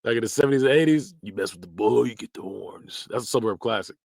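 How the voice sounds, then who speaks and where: A man's voice: medium pitch, fast, vocal fry, darkish tone, dry recording, clean studio sound. A man hosting a podcast, chatting casually and laughing often as he reacts, sometimes mimicking phrases in exaggerated voices. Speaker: podcast host.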